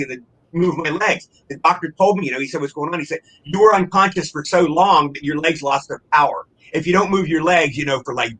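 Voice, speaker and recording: An older man, an actor, telling a long personal story in a casual interview, rambling and animated, often breaking off and restarting. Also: fairly high pitch, husky, rough recording.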